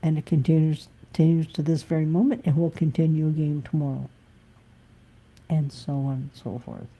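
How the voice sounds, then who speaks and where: A woman's voice: deep voice, slightly rough, lo-fi sound. A woman musician talking candidly and bluntly in a live-stream monologue. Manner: blunt, emphatic, occasionally swearing.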